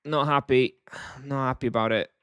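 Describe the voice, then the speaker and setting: A man's voice: mid-range voice, fairly even intonation, moderate pace, fairly bright tone, smooth, no room sound, clean studio sound. A man chatting casually while streaming a game, answering chat in a wry, offhand way.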